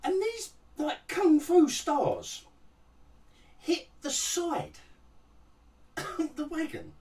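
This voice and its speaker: A man's voice: very high voice, lively intonation, drawn-out words, a little mellow. A man rambles through a sarcastic review of a TV episode, his voice leaping up and down as he mocks it. He restarts sentences and chuckles at the show. He sounds slightly distant from the microphone. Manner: mocking, rambling, restarts often, laughs at the show. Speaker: TV review vlogger. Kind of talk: sarcastic casual review rant.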